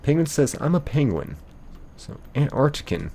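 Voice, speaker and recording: A man's voice: sits low, normal speed, a little mellow. A young man streaming live, casually reading chat messages aloud and rambling with lots of ums and likes.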